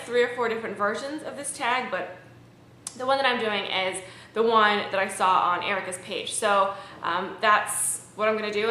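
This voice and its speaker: Bright, chatty woman vlogger. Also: mid-range voice, slight background noise. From Maryland, USA. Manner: chatty, rambling, with frequent ums. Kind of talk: casual chat to camera. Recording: echoey room.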